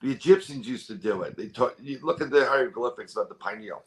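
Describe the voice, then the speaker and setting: A man's voice: mid-range voice, lively intonation, quick pace, a little hiss or hum. Rambling man retelling a story. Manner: rambling, many restarts and quoted dialogue. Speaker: podcast guest. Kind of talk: casual storytelling chat.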